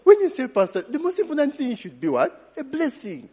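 A man's voice: very high-pitched, huge pitch swings, brisk, mellow. A man preaching a sermon as pastor, throwing questions to the congregation and answering with hallelujah and glory be to God. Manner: call-and-response, repeating hallelujah and glory be to God. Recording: long hall reverb.

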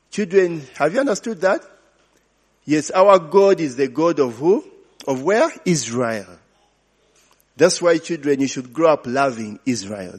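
Slow husky pastor preaching. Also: male voice, mid-range voice. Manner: call-and-response, repeating hallelujah and glory be to God. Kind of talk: sermon. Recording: long hall reverb.

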